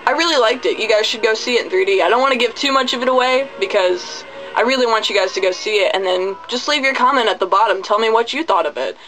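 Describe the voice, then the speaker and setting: A man's voice: high-pitched, fast talker, bright, forceful tone, soft background music, poor audio. A man giving a casual spoken movie review, chatty, goofy and full of profanity. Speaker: video reviewer.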